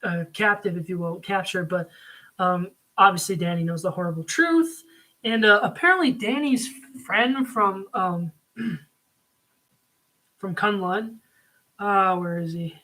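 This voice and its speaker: A man's voice: sits high, measured pace, sharp tone, low-quality recording. A man giving a casual spoken review, rambling with frequent ums and likes. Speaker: video reviewer.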